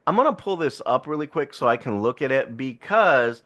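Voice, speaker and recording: A man's voice: mid-range voice, animated, brisk, a bit bright, lo-fi sound. A man co-hosting a podcast, casually retelling a film plot in a rambling way with laughs. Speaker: podcast co-host. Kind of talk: casual film review chat.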